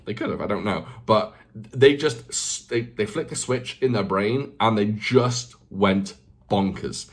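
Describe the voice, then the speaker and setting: A man's voice: lowish voice, unhurried. A man in his forties hosting a casual vlog, talking off the cuff in a self-mocking rant, swearing freely and repeating phrases for emphasis. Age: 40s. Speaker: channel host. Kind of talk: casual unscripted vlog talk.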